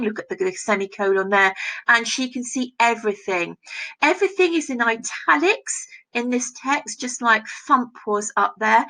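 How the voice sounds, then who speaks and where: A woman's voice: mid-range voice, a bit bright. A woman teacher, walking through a text line by line in a recorded distance-learning lesson and often asking "isn't it?". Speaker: English teacher.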